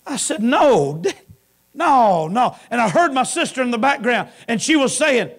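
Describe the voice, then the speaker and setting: A middle-aged preacher with a very high voice delivers an impassioned sermon. He rises into shouted climaxes and drops into hushed storytelling. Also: very animated, moderate pace. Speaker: pastor. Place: church camp meeting.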